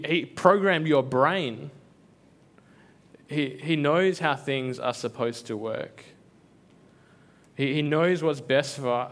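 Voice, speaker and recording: A man at a mid-range pitch gives a laid-back devotional talk. He speaks earnestly but loosely, leaning on fillers, repeats and restarts as he works through his point. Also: fairly bright tone. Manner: conversational, filler-heavy, earnest, with frequent repeats. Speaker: preacher.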